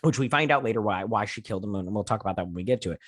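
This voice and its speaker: A man's voice: lowish voice, lively intonation, racing, a bit bright, no echo, studio quality. A man hosting his own channel, giving a casual, rambling recap and review of a TV episode. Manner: rambling, chatty, lots of "he's all like" retelling. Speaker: TV show reviewer and channel host.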